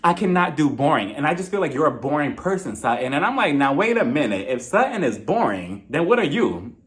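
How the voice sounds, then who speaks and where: A man talking through a reality show episode in a casual monologue, his voice a little high and swooping widely as he goes. He keeps slipping into exaggerated impressions of the cast members as he retells their arguments. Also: sing-song, fairly quick, fairly bright tone. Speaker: reality TV recap host.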